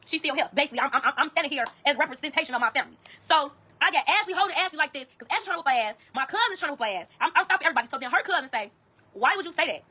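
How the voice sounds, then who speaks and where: With hardly any pauses, a woman races through a story in a high-pitched voice and a Chicago accent. Talking to viewers, she's blunt and profane, animating the retelling by performing the quoted dialogue.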